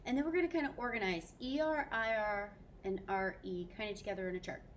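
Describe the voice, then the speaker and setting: A woman's voice: medium pitch, quick pace, slight background noise. A woman French teacher recording a video lesson for her students, upbeat and mixing French phrases into her English explanations.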